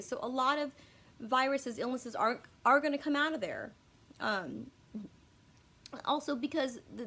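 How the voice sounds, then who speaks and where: A woman's voice: a little high, fairly bright tone. Rambling, profane young woman. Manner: rambling, profane, self-deprecating, loses her words. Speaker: YouTube commentator. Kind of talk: casual unscripted video monologue.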